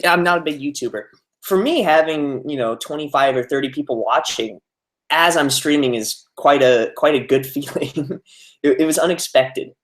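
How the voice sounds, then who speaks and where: A young man chatting casually on a live stream, reading out viewer comments, with many fillers. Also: medium pitch. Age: young adult. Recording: roomy echo.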